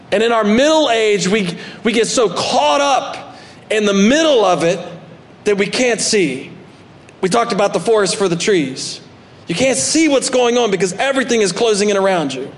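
A male pastor preaching a sermon, animated, swinging between loud emphatic bursts and soft asides. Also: sits high, normal speed. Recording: long hall reverb.

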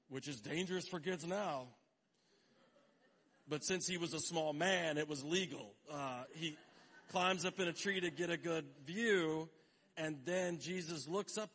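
A middle-aged male pastor delivering a sermon in a relaxed, chatty tone. His voice sits somewhat high for a man. He slips in light jokes and briefly acts out the people in his stories. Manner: conversational, joking asides, acts out quoted voices.

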